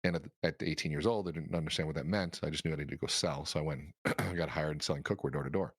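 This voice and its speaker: A middle-aged man, a guest on a podcast, telling stories in a casual, animated way and acting out the dialogue. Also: very deep voice, fast talker, husky, dry recording, studio quality. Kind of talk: casual storytelling.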